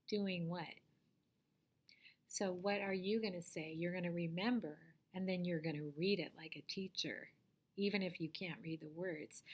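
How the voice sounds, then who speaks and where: A woman teacher giving a reading lesson to young children, patiently asking them questions and sometimes dropping to a soft whisper. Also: on the low side.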